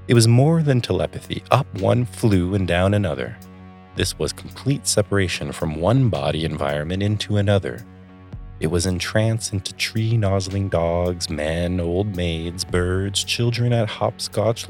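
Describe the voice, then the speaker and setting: A man narrating a story aloud in a calm, measured reading voice. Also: low voice.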